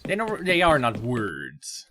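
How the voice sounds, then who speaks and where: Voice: medium pitch, huge pitch swings, slow. A gamer chatting casually while playing, with rambling, self-mocking asides. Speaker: let's play gamer. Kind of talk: casual let's play commentary.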